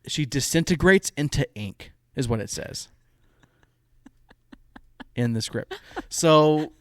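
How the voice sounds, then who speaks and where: A man's voice: medium pitch, no room sound, studio quality. A man co-hosting a podcast, casually and animatedly retelling a plot with quoted asides. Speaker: podcast co-host. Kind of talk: casual chat.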